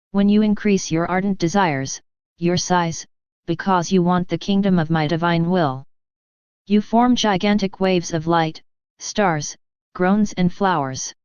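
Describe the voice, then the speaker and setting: A solemn, gentle Jesus, as a woman reads his words, speaking slowly and with measured weight. The voice sits low and very smooth. The audio is dry and slightly dull, like a lo-fi home recording. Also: no room sound, close to an everyday voice. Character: Jesus speaking tenderly to a soul, male. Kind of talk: devotional reading.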